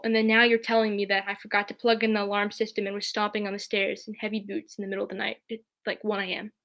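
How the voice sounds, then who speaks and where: A woman's voice: fairly high pitch, fairly bright tone. A woman telling a personal story in a casual, chatty way, with many fillers. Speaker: podcast guest.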